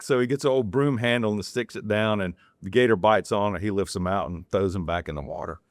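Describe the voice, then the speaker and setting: A fairly low-pitched man tells loose, rambling stories as a podcast guest, restarting his sentences as he goes. He is from North Carolina and talks in a relaxed, chatty way. The sound is dry, with no room echo. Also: fast, few pauses. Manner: rambling, digressive anecdotes with restarts; acts out quoted people in a raised voice. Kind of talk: casual storytelling.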